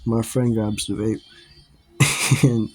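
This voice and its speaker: A man's voice: on the low side, flat delivery, slow pace, husky, faint music behind. Man, casual storytime vlogger, rambling delivery, laughs between lines, salty language. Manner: laughs often between lines, swears freely; rambling, with many fillers and restarts.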